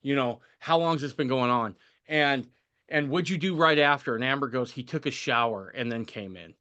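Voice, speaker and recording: A male podcast host with a bright, forward voice. He tells stories casually and with animation, keeps checking in with his listener, and sits at a middle pitch. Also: moderate pace, highs cut off. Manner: animated, often tags sentences with "right?". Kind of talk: casual storytelling.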